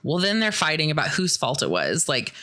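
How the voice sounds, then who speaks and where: A woman's voice: low-pitched, very animated, brisk, pushed and bright. A young adult woman hosting a podcast, casually recapping a horror film in a chatty way, full of "like" and "dude". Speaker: podcast host.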